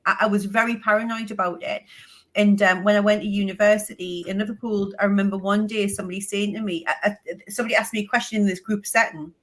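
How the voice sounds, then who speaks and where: A woman's voice: medium pitch, fast talker. A woman with a strong Geordie accent, a guest telling stories in a casual interview and swearing freely. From Northeast England. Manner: lively storytelling, swears casually. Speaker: podcast guest, business coach.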